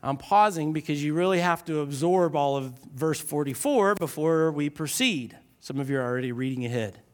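Man, high voice, sermon preacher, sarcastic, drawn-out emphasis. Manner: sarcastic, slows down to stress key lines.

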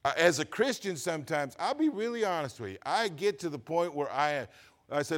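Animated older man preaching a sermon. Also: a little fast. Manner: swings from low asides to loud emphatic preaching. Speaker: pastor.

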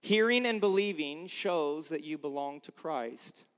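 A male pastor with a notably high voice delivers a slow, deliberate sermon. He poses rhetorical questions and moves between emphatic peaks and hushed low moments. His voice rings with the long reverb of a church sanctuary. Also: lively intonation, clear, resonant tone.

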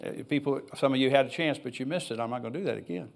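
Racing along in a creaky, medium-pitched voice, an older man preaches in church. The pastor reads from scripture and keeps rambling into personal asides in a relaxed, conversational way.

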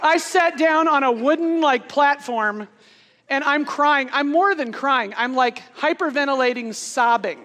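A woman in her forties telling a funny personal story in a sermon, animated and laughing as she goes. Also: high-pitched, unhurried. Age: 40s. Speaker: speaker. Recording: long hall reverb.

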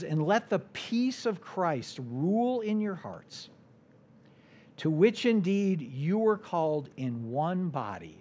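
American male guest preacher, sermon, deliberate and animated, trails off quietly at phrase ends. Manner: deliberate, drops to a soft low voice at phrase ends.

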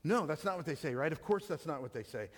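A man's voice: on the high side, animated, fast, husky, big-room sound. A man preaching a sermon in a conversational way, with restarts and rhetorical questions to the congregation. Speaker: pastor.

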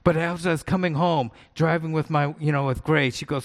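Man, pastor, sermon, conversational, earnest, repeats for emphasis, slightly higher voice. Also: brisk, hardly any pauses.

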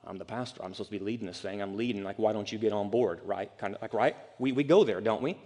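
A man's voice: on the low side, fast. Conversational man preaching in reverberant hall. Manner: conversational, animated preaching with quoted asides. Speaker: pastor. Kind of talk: sermon.

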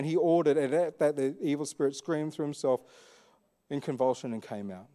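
A man's voice: a little high, brisk, mellow. A man preaching a sermon as a pastor, in a conversational, questioning way with frequent fillers.

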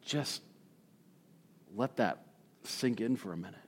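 A man's voice: lowish voice, takes it slowly, breathy edge. Earnest male pastor preaching conversationally. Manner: conversational preaching, swinging from hushed to emphatic. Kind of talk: sermon.

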